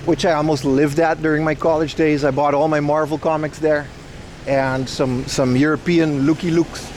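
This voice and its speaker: A man's voice: fairly high pitch, flat delivery, moderate pace, a little mellow, slight background noise. A Dutch man hosting a casual livestream while walking outside, rambling loosely, laughing often and talking to his chat. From Netherlands. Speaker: livestream host.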